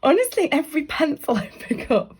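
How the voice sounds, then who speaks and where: A woman leads a children's drawing tutorial in a chatty, encouraging way, often dropping into soft whispered asides. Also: high voice, sing-song, fairly quick. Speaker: library staff member leading a craft activity.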